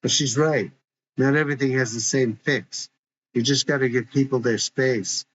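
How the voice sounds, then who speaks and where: A man's voice: medium pitch, steady tone, normal speed, natural voice. A man voicing a laid-back, protective teenage boy who talks casually and reassuringly, in a dull lo-fi recording. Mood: easygoing.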